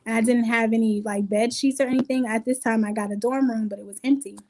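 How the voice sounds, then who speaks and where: A young adult woman telling her life story in an interview, lively and acting out the people she quotes. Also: fairly high pitch, fast talker. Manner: animated, acts out quotes with laughs. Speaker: guest. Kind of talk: conversational storytelling.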